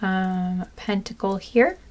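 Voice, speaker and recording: A woman doing a pick-a-card reading, chatting casually and giggling now and then while she is tired with a sore back. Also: mid-range voice. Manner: slow, meandering, giggly, talks to viewers as guys. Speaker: tarot reader.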